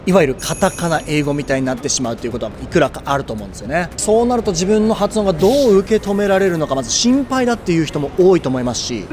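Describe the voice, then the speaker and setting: A man in his thirties from Japan with a Japanese accent, hosting an animated, joking street interview outdoors in a city. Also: high-pitched. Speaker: YouTube interviewer.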